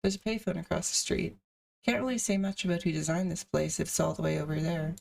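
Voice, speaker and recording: A woman's voice: lowish voice, fast talker, gravelly, darkish tone, distant mic. A woman streamer reading a visual novel aloud, with casual asides between the narration.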